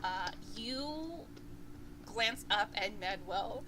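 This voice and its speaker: A woman narrating as game master of a tabletop game, chatty and animated, with filler words. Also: medium pitch, drawn-out words, noisy background.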